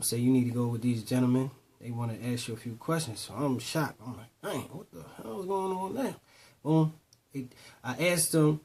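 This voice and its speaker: A man casually telling personal stories to young listeners, acting out the dialogue. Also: a little mellow. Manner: conversational, retells dialogue in voices, repeats "boom". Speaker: storyteller addressing youth. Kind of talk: casual spoken storytelling.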